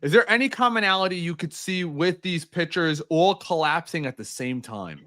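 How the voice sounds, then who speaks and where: A man hosting a podcast, moving the chat along briskly. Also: fairly high pitch, expressive, sharp tone. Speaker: podcast host. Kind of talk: casual chat.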